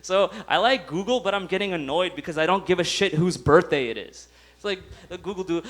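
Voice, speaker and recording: High-voiced young man doing stand-up. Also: expressive, moderate pace, fairly bright tone. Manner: laughs at his own jokes, acts out voices. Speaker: stand-up comedian. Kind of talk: stand-up comedy set. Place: comedy club stage.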